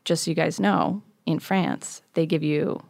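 A woman's voice: low voice, unhurried, creaky, dry recording, clean studio sound. A woman in her thirties, a comedian and musician, telling a story in casual chat and acting out the voices of the people in it. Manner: animated, acts out quoted voices, laughs often.

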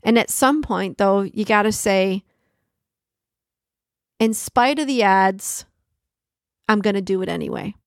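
A woman's voice: medium pitch, measured pace, pauses often, no echo, clean studio sound. Woman hosting a reflective solo podcast. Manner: warm conversational, repeats key phrases, laughs often. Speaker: podcast host.

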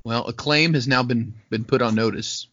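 A man's voice: mid-range voice, normal speed, fairly bright tone, no echo, muffled recording. A man hosting a casual interview chat, playful and teasing. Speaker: host.

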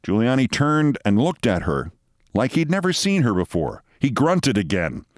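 A man hosts and tells a story in a wry, theatrical manner, his pitch rising and falling widely from line to line. The studio sound is dry and close, with no room echo. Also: sing-song, normal speed. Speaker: host. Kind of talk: storytelling monologue.

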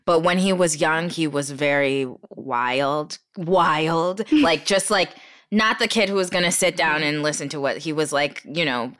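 A woman with a very low voice, talking earnestly and reflectively. She pauses and rephrases as she goes, in a casual conversational way. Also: a bit bright. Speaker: actress.

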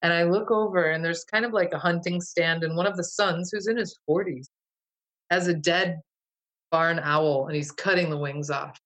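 A woman's voice: on the low side, fairly even intonation, normal speed, fairly bright tone, poor audio. A woman recounting a vivid dream to an interviewer in a casual, rambling way, full of fillers and restarts. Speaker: guest. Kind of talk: casual storytelling.

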